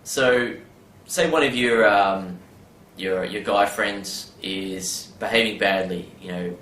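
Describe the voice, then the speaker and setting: Low-voiced man rambling in an echoey room. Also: slow, fairly bright tone, a little hiss or hum. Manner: rambling, full of fillers and tag questions. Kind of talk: casual advice monologue. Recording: roomy with faint background ambience.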